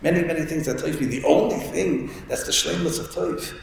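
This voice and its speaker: Man teaching a Torah class, gravelly voice, very roomy hall, faint hum behind. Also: on the high side, brisk. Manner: storytelling, with many restarts and Hebrew and Yiddish terms. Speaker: rabbi giving a Torah talk. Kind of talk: Yiddish-inflected Torah lecture. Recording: echoey hall with faint room noise.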